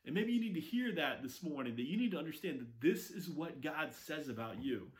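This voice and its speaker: A man preaching a sermon, telling stories with lively acted-out quotes. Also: a little high, fairly quick. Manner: animated storytelling with acted quotes. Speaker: pastor.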